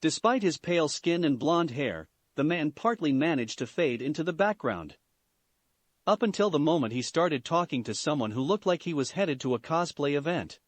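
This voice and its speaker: A man reads fan fiction aloud with expressive delivery. His voice is slightly high and rises and falls a lot. The recording is dry and close. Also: normal speed, no room sound. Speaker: story reader.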